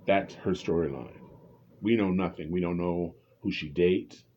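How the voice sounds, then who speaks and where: Deep-voiced man giving rambling opinions. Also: measured pace, a little mellow, highs cut off, a little hiss or hum. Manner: rambling, opinionated, many restarts. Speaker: reality TV commentator. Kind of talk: casual opinion commentary.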